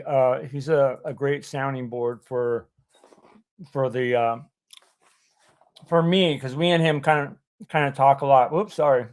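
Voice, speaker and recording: Halting, filler-heavy male stream host. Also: mid-range voice. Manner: halting, full of fillers and restarts. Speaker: livestream host. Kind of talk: casual livestream chat.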